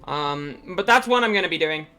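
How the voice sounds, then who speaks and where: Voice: mid-range voice, expressive, brisk, pushed and bright, smooth, faint music behind. A streamer giving live gameplay commentary, chatty and rambling with frequent ums.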